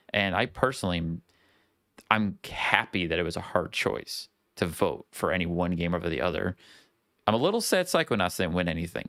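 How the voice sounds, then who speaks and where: Podcast host, male, deep smooth voice, laid-back rambling delivery, dry close sound. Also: fairly bright tone, no room sound. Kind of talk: casual podcast chat.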